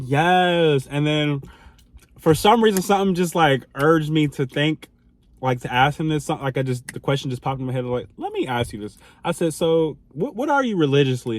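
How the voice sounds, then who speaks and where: Animated young man telling a storytime. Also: mid-range voice. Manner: animated, laughing, swings between loud and hushed. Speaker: vlogger. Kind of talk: casual storytime.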